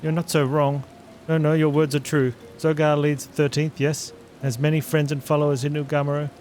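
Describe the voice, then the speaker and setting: A man voicing a nervous little kobold creature that repeats every phrase with three synonyms, reading game dialogue over loud game music. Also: fairly high pitch, level tone, fairly quick, close to an everyday voice. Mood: fearful.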